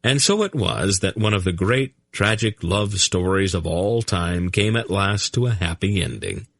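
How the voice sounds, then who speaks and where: A man narrating a fantasy audiobook in measured, even storytelling. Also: low-pitched, vocal fry, no room sound, studio quality. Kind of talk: scripted narration.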